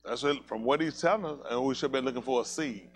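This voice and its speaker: A male pastor delivering a fiery sermon at a rapid clip, his speech tumbling out quickly. He talks colloquially and emphatically, hammering home points with repeated calls to listen. He keeps throwing rhetorical questions at his congregation. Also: mid-range voice, a little hiss or hum.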